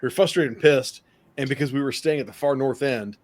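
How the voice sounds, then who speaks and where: Podcast host, man, loose and jokey, casual cursing, mid pitch. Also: fairly quick. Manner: laughs often, swears casually. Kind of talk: casual chat.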